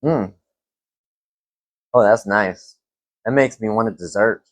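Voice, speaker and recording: A young man reviewing fragrances in a casual vlog, relaxed and rambling with lots of fillers. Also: fairly low pitch, takes it slowly, no echo.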